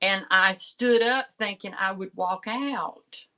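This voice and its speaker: A woman's voice: medium pitch, slow pace, sharp tone, low-quality recording. An older woman, telling a family story in casual chat, often laughing and cutting herself off. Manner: chatty, laughs often, self-interrupting. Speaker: channel host.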